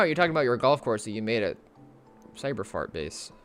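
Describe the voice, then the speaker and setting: A man chatting casually on a live gaming stream, easily excited and cooing at his cat. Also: medium pitch, fast talker, soft background music.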